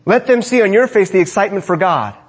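A man preaching a sermon in a church, his voice a little husky and pitched somewhat high for a man. He swings between emphatic, raised lines and quiet, hushed asides as he addresses his congregation. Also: animated, quick pace. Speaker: pastor. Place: church sanctuary.

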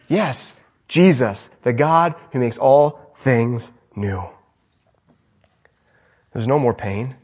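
Guy preaching a sermon, husky voice, fired up then dropping real quiet. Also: mid-range voice. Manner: fervent, swings between loud exclamations and hushed lines.

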